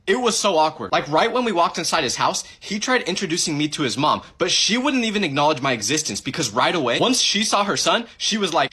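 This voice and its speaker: A young man telling an awkward comic story about a friend's house in an animated way. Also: a little high, fast, few pauses, husky. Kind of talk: storytime comedy monologue.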